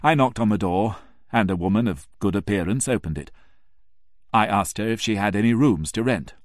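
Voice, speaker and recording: A very low-voiced male narrator tells a first-person story, reading with emotion and expressiveness at a normal speed. His pitch rises and falls widely, and the close, dry recording carries no room sound.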